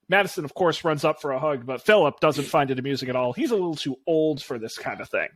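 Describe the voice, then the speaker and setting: A man co-hosting a podcast, narrating an improvised story in an animated, jokey way. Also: a little high, fast talker, hardly any pauses. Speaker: podcast co-host.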